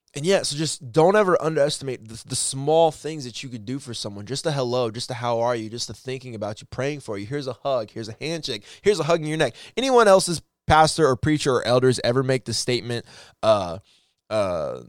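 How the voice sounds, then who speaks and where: A mid-range male voice, recorded clean in a studio with no room sound, shares a personal story with viewers. His telling is relaxed and sincere but rambling, full of restarts and self-corrections, and he comes across as earnest and encouraging.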